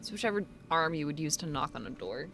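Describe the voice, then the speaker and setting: A woman's voice: sits low, very animated, fast talker, fairly bright tone, a little hiss or hum. A woman at a tabletop game, playful and goofy while tracking rolls. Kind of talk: casual tabletop game chat.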